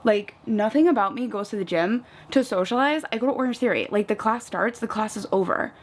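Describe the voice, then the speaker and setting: This fairly high, brisk voice belongs to a young woman from the US East Coast, a vlogger doing her makeup at home. Her get-ready-with-me chat is chatty and casual, loaded with "like," and she animatedly acts out little retellings.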